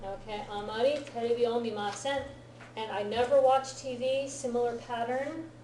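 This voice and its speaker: A woman's voice: fairly high pitch, steady tone, normal speed, darkish tone, a little hiss or hum. A woman teaching a Japanese grammar lesson to a class, often checking understanding with "right?" and "okay?". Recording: roomy classroom echo.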